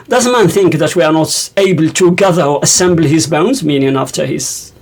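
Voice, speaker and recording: Older male religious teacher, gravelly tone, rambling and self-correcting. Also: on the high side, a little mellow. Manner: rambling, self-correcting, many fillers, recites verses quickly. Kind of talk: explaining scripture to camera.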